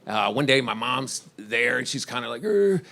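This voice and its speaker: A man's voice: mid-range voice, fairly even intonation, normal speed, sharp tone. A middle-aged man from Washington, D.C., doing stand-up, rambling through stories and laughing at his own lines. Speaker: stand-up comedian. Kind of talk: stand-up set.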